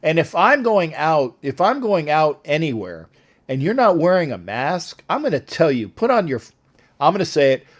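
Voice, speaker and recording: Older guy host rambling and joking on a livestream, kinda high voice, goes up and down a lot. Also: big pitch swings, moderate pace. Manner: rambling, joking banter with callers. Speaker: sports show host. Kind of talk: casual live-stream chat.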